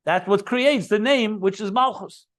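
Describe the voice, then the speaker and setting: A man's voice: high-pitched, unhurried. A man teaching a Chassidic text, explaining it line by line, repeating key terms and adding enthusiastic asides. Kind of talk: Talmudic-style text study lesson.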